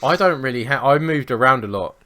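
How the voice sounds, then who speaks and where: A man's voice: medium pitch, lively intonation, pushed and bright. A man from England co-hosting a podcast, chatting casually, swearing freely and laughing through his stories. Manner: sweary, quick to laugh, tells anecdotes. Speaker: podcast co-host. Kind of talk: casual chat.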